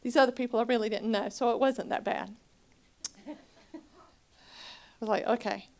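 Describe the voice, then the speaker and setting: A woman's voice: fairly even intonation, moderate pace, gravelly. Emotional woman giving a church testimony. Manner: emotional, dramatic swings from loud pleading to near whisper; acts out her own past dialogue in a higher voice. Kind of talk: personal testimony sermon.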